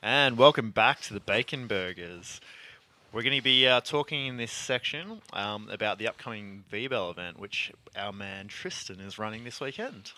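A man co-hosting a casual podcast, throwing in quick relaxed asides with slang. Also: on the low side. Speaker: podcast co-host. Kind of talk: casual chat.

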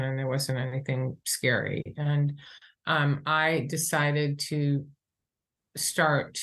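A middle-aged woman, an author and coach, talking in a podcast interview and acting out the voices she quotes as she tells stories. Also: deep voice. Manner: animated storyteller who acts out quoted voices and laughs. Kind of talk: conversational interview.

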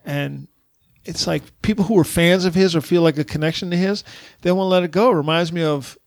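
A man's voice: a little high, fairly even intonation, a little fast, vocal fry, no room sound. A man co-hosting a podcast in casual chat, ranting with exasperated, profane outbursts. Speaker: podcast co-host.

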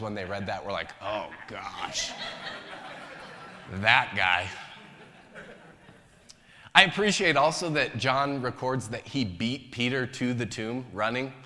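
Male pastor, mid-pitched voice, casual joking sermon delivery, reverberant hall. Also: fairly bright tone. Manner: conversational, joking asides.

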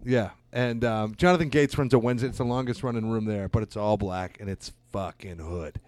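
A man's voice: lowish voice, a little fast, no echo. A man, a stand-up comedian, telling crude anecdotes in casual talk and acting out the people in them. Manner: animated, profane, acts out voices in anecdotes. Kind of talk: casual podcast storytelling.

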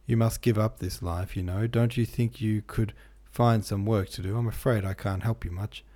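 A man's voice: lowish voice, steady tone, normal speed, dark tone, natural voice. A man reading a cold, grave young man. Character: cold, reserved young man, a former medical student.

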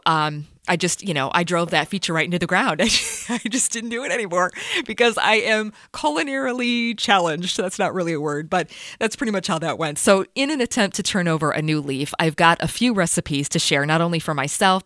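A woman's voice: lowish voice, a bit bright, dry recording, clean studio sound. A woman hosting a radio show, chatting casually and laughing easily at herself. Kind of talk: casual chat.

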